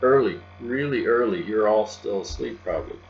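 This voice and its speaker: A man reading aloud, voicing a shy, quiet young girl in a soft, hesitant way. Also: on the low side, expressive, normal speed, muffled recording, faint music behind, lightly acted.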